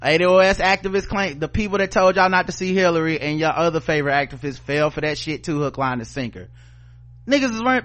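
A podcast co-host speaks fast and animatedly in a slightly high, fairly bright voice with a Southern US accent. Ranting heatedly and sarcastically in a profane opinion rant, he swears frequently and reads news out loud.

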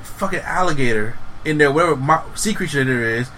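A man chatting casually about horror movies, animated and emphatic, swearing freely. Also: on the high side, fairly quick, a little hiss or hum, poor audio.

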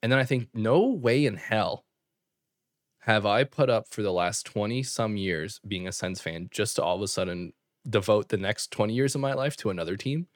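A young man from Canada telling an animated story on a casual podcast, full of fillers and quick asides. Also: on the low side, no room sound, studio quality. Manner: animated storyteller, fast filler-heavy talk with laughs. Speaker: podcast co-host. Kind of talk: casual chat.

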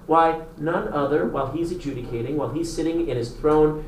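A man lecturing to a class in a slightly high voice, telling stories with eager enthusiasm and answering students' interruptions. The classroom is roomy and echoes around him. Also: brisk, slight background noise. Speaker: teacher.

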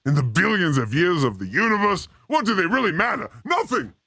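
A man hosting a live talk stream, joking and provoking with an irreverent edge. His voice sits a bit high and swings widely in pitch. The sound is dry and close. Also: very animated, fairly quick, sharp tone, no echo. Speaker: host. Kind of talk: casual live-stream chat.

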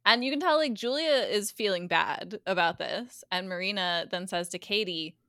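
A woman's voice: medium pitch, normal speed, a bit bright, no room sound, clean studio sound. A woman recapping a TV episode on a podcast in casual chat, acting out the characters' lines as she goes. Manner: chatty, acts out characters' lines while retelling. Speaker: guest co-host.

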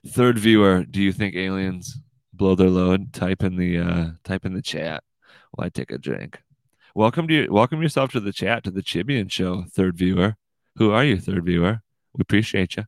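A man's voice: deep voice, normal speed, no echo. A man hosting a casual livestream podcast, rambling and swearing, saying "dude" a lot. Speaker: podcast host.

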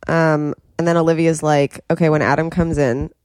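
A woman's voice: sits low, level tone, normal speed, a little mellow, no echo, clean studio sound. A young woman co-hosting a podcast, chatting casually about a reality show and mimicking people in quoted voices. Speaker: podcast co-host.

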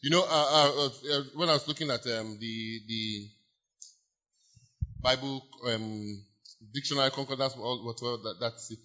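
A man's voice: medium pitch, moderate pace, bright, forceful tone. A man preaching a sermon as pastor, emphatic, repeating key phrases and stretching words for stress while leading the congregation in declarations. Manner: leads the congregation in call-and-response declarations. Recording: dull lo-fi church sermon recording.

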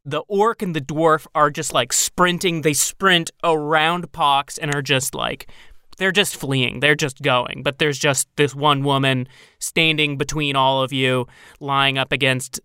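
A man's voice: a little high, fairly even intonation, measured pace, pushed and bright, smooth, no room sound, studio quality. A man narrating a tabletop game as game master in casual, filler-heavy speech.

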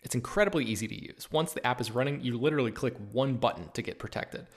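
A man reading a sponsor ad in an upbeat, scripted way. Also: medium pitch. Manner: upbeat, spells out web address slowly. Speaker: ad read by podcast host. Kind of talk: read sponsor ad.

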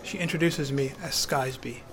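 A man's voice: mid-range voice, normal speed, crowd noise. A man narrating his own memoir in a wry, conversational storytelling manner.

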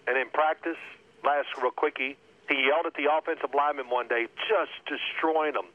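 A man in his sixties telling stories in a casual, animated way and acting out quotes in other voices. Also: a little high, moderate pace. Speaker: guest, former pro quarterback. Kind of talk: casual storytelling. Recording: phone-like line.

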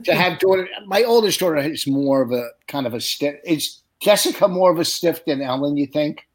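A man's voice: fairly high pitch, animated, a little fast. A middle-aged man, a comedian hosting a podcast, chatting casually and rambling through stories while laughing at his own jokes. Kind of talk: casual chat.

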